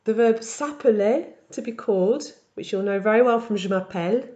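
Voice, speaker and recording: A woman teaching in a recorded language tutorial, explaining verb patterns step by step and modelling each form slowly. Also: a little high, warm tone, lo-fi sound. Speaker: French teacher.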